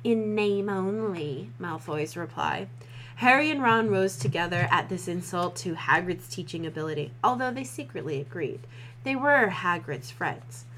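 A woman's voice: lowish voice, lively intonation, normal speed, a bit bright, a little hiss or hum, low-quality recording. A woman co-hosting a podcast, reading a fan fiction aloud and breaking off for sardonic, laughing asides. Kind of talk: casual chat and mocking read-aloud.

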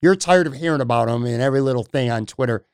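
A man hosting a sports podcast, speaking in casual chat with measured emphasis and addressing listeners. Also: mid-range voice, smooth, no room sound, studio quality. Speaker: podcast host.

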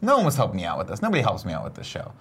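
A man's voice: lowish voice, huge pitch swings, rapid-fire, a bit bright, slightly rough. A man co-hosting a casual morning show, joking around and reading viewer messages aloud. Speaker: co-host.

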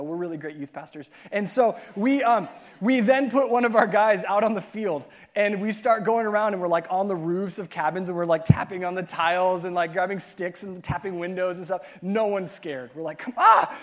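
Male youth pastor, high voice, animated storyteller with a self-mocking sense of humor. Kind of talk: sermon with a funny story.

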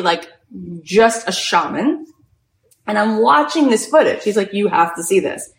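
Animated woman telling a story, echoey room. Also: medium pitch. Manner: animated storytelling, heavy use of "like". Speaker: podcast host and retreat leader. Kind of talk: inspirational talk.

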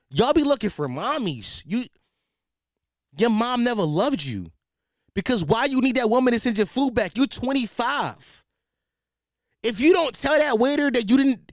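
A young man doing a comedic rant, animated and profane, full of slang and repeated restarts. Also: very high voice, no echo, studio quality.

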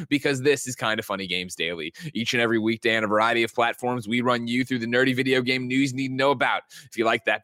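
An energetic male host runs his daily talk show with quick jokes and casual swearing. His voice sits in the middle range. The sound is dry and close to the mic. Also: medium pitch, no room sound. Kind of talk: casual show banter and show intro.

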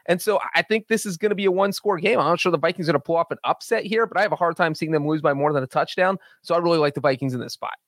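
A man's voice: a little high, very fast, hardly any pauses, a bit bright, no room sound, studio quality. A man co-hosting a sports betting podcast, talking in a confident, joking way. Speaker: podcast co-host. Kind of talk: casual sports betting chat.

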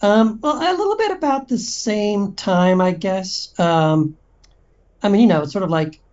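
A man's voice: high voice, animated, measured pace, a little mellow, dull audio. A man from Texas, an author, chatting as a podcast guest in a friendly, rambling way with many fillers. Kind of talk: casual interview chat.

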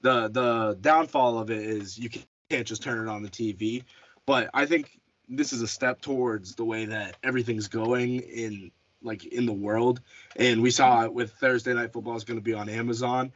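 A man hosting a casual sports podcast, chatty, often restarting and correcting himself. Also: medium pitch. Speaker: podcast host. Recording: dull lo-fi audio.

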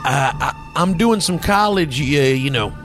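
A man's voice: on the high side, expressive, a little slow, music in the background. A man doing a rambling, folksy football coach. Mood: rambling boastful. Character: gruff middle-aged male football coach.

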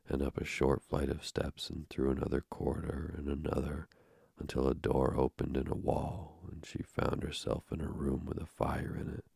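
A man narrating an audiobook in a measured, steady reading with a gravelly voice. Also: extremely low pitch, no room sound, clean studio sound.

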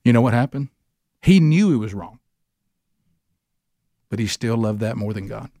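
A man with a Southern US accent preaching in a men's Bible study. He is earnest and emphatic and lifts his voice sharply to stress a point. His voice sits at an average pitch and is recorded close and dry, with no room echo. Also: animated, normal speed, mellow. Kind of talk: sermon.

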